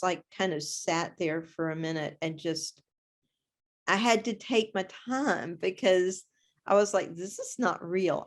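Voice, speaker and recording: Woman author chatting in an interview, kinda low voice, acts out her reactions as she talks. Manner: animated storytelling, acts out her own reactions. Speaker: guest author. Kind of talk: casual interview chat.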